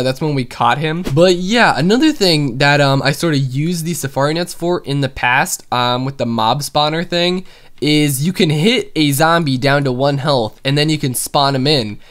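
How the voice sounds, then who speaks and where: A young man chatting casually through gameplay commentary, excitable and full of fillers. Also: on the high side. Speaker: gaming YouTuber.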